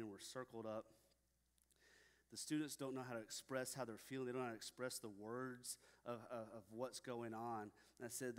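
A young man preaching a sermon at a church, telling stories casually with many fillers. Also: mid-range voice. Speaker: pastor. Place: church sanctuary. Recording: long reverb in a hall.

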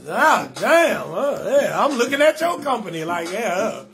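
High-voiced man ranting comedy over music. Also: unhurried. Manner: animated, acts out both sides of a conversation, frequent "hell no". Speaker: comedian hosting a live call-in show. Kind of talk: loud storytelling comedy rant.

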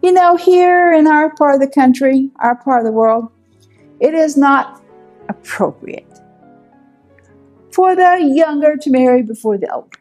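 A woman's voice: sits high, expressive, unhurried, pauses often, a little mellow, faint music behind, voice pushed up. A woman voicing a crafty older man, a father-in-law who brushes things off in a shrugging, wheedling way. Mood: sly.

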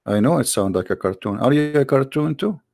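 A man's voice: medium pitch, animated, a little fast, creaky, darkish tone, no echo, clean studio sound. A man hosting a heated call-in debate, insistent and sarcastic, pressing with repeated questions and cutting in. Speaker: debate host.

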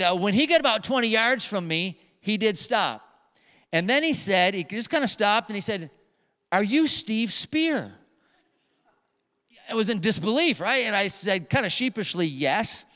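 A man preaching a sermon as a pastor, telling a personal story in an animated way with emphatic repetitions. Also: high voice, moderate pace, clean tone. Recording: long hall reverb.

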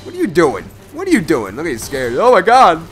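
A man giving live commentary over his own gameplay, excitable and profane, breaking from low muttering into loud yelps. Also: fast talker, soft background music.

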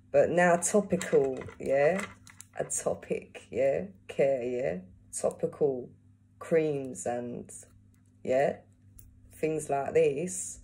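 Low-pitched lady beautician chatting slow, keeps going "yeah? okay?" after everything. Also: warm tone. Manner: tags nearly every phrase with "yeah?" or "okay?"; asks an unseen helper aside questions. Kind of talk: casual advice talk to camera.

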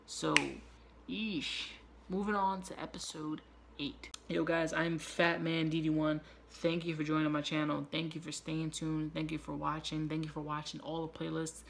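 Male reviewer host: raspy, low-key gravel, excitable swearing rundown. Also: a little hiss or hum. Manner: loose, profane, excitable retelling with quick asides. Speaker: YouTube show reviewer. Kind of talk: casual spoiler recap.

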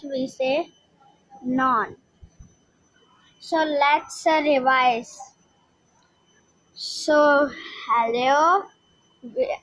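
A woman with an Indian English accent giving a slow, informal language lesson, pausing often and repeating words. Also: high voice, a bit bright, no room sound, highs cut off. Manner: slow, halting, repeats words, frequent pauses. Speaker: language teacher.

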